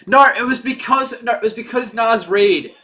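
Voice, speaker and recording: A young man from Australia, hosting a casual live play-by-play stream and talking in a chatty, rambling, excitable way. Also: extremely high pitch, normal speed. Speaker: livestream play-by-play host.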